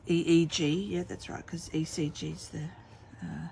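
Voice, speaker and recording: A woman's voice: low-pitched, level tone, moderate pace, gravelly, mellow, a little hiss or hum. A middle-aged woman, chatting casually and telling rambling stories while she crafts at home. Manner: rambling storytelling with many fillers. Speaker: craft vlogger.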